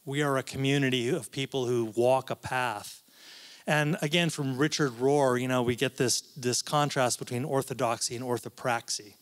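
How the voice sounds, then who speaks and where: A man's voice: medium pitch, steady tone, moderate pace. A man, a professor, giving a conversational talk at a church, with asides and frequent restarts. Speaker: guest speaker, professor.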